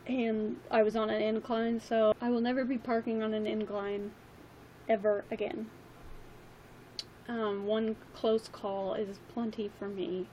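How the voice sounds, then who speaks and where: A woman's voice: fairly high pitch, little pitch movement, unhurried, dark tone, muffled recording, a little hiss or hum. A young woman chatting casually on a livestream, rambling with lots of ums and likes, her voice a little worn. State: slightly losing her voice.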